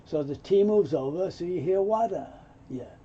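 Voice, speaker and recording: A man's voice: high-pitched, animated, normal speed, warm tone, husky. A man teaching English pronunciation, explaining dropped sounds and acting out example lines in an offended tone. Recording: dull lo-fi sound.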